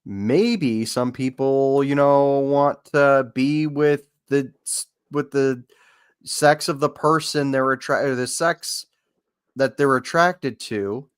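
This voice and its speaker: A man reads headlines aloud and comments on them in a casual chat, speaking slowly and stumbling over his words with many fillers. His pitch is mid-range and the recording is dry and close. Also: clear, resonant tone, dry recording. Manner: hesitant, halting, many fillers.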